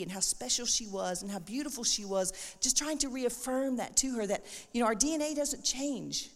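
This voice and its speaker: Middle-aged woman sharing a testimony at church, lively storyteller, lots of reverb in the hall. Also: a little high, fairly quick. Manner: animated storytelling, acts out quoted voices. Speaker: missionary speaker. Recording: echoey hall with long reverb.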